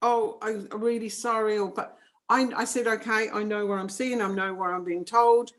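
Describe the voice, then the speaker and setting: A woman's voice: medium pitch, fairly even intonation, normal speed. A middle-aged woman with a New Zealand accent, a psychic medium speaking frankly and firmly in a casual interview. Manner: frank, firm and matter-of-fact.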